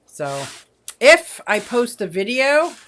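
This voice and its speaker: A woman's voice: a little high, big pitch swings, slow pace, a bit bright. A woman in her sixties hosting a casual livestream, chatty, laughing often and reading viewer comments aloud. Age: 60s. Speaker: aquarium channel host.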